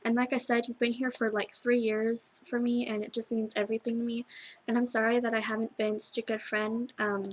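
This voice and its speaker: A teenage girl speaks through tears in a heartfelt video message, stopping and restarting with fillers. Her voice is slightly high and breathy. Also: flat delivery, low-quality recording. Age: teens. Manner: halting and tearful, full of restarts and fillers. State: crying. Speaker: vlogger. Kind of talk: emotional video message to a friend.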